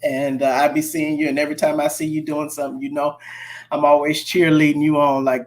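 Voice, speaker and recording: A man's voice: on the high side, flat delivery, brisk. A man, a pastor, encouraging a member of his congregation during a church livestream. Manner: warm encouraging affirmations. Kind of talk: casual church livestream talk.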